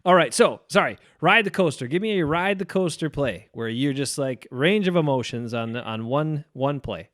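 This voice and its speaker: A man's voice: on the high side, expressive, normal speed, hardly any pauses, fairly bright tone, dry recording, studio quality. A man co-hosting a sports podcast, laid-back, who chuckles often and steers the conversation. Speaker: podcast co-host. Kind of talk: casual sports chat.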